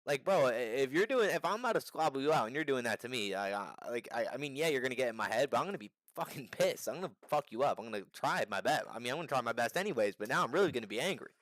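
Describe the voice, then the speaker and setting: A young man talks fight predictions in loose slang, cursing and tripping over his own words as he gets worked up. His voice swings widely up and down at a middling pitch. It sits close and dry on the mic. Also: dry recording. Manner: animated, swearing, slangy, rapid restarts. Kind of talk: casual fight breakdown.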